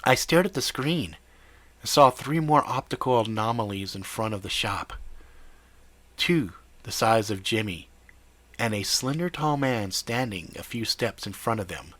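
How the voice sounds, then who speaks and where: Male storyteller, steady conversational first-person read, dry close sound. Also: lowish voice, a little slow, no room sound. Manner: steady, conversational narration with casual swearing.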